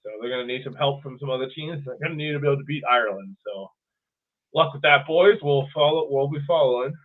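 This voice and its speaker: A man co-hosting a podcast, chatting casually and profanely about sports in an animated way. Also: mid-range voice, fast talker. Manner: animated, profane, mimics players in funny voices. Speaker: podcast co-host. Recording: tinny phone-like audio.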